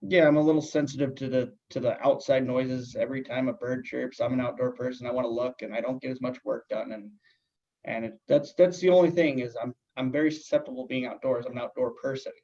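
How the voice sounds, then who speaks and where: A man playing calm coworker Tom. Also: medium pitch, close to an everyday voice. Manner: halting, hesitant, agreeable. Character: calm male office coworker Tom, agreeable. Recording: dull lo-fi sound.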